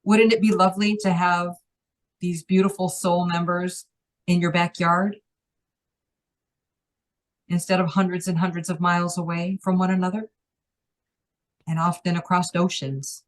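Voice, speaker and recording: A woman's voice: on the low side, little pitch movement, measured pace, pauses often. Woman channeling a playful collective voice. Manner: speaks as a collective "we", playful and teasing. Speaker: trance channel. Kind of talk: channeled spiritual message.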